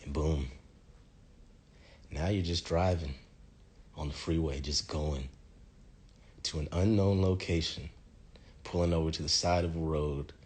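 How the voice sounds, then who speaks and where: A man with a very deep, husky voice talks through a casual vlog monologue. He tells a story in an animated, dramatic way and swears freely. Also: unhurried, long pauses. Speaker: vlogger.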